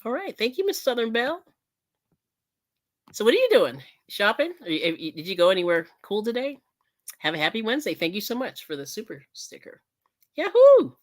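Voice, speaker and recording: A woman crafts on a casual live stream, chatting, laughing often and thanking her viewers. Her mid-range voice is very animated and fairly quick.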